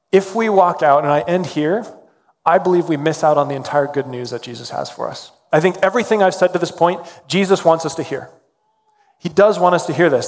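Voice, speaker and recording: Earnest pastor in a reverberant hall. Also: male voice, a little high, a little fast. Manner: earnest, conversational preaching with fillers. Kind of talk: sermon.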